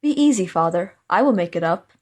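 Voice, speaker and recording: A woman voicing a clever young male scholar, calm and sure of himself, in a storybook reading. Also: lowish voice, brisk.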